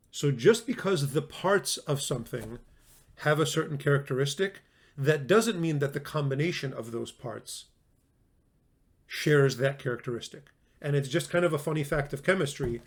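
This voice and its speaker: A man with a slightly higher voice teaches a recorded class in an easygoing, conversational tone. He leans hard on single words to make his point and breaks off to restart sentences as he goes. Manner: conversational, emphatic, with frequent restarts. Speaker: lecturer.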